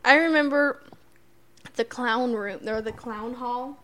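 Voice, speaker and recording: A young woman chatting casually with family about a childhood memory, animated and laughing, with lots of "like". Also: on the high side, slow, a crowd in the background. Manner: animated, fillers like "like", laughs often. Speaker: grown daughter recalling childhood.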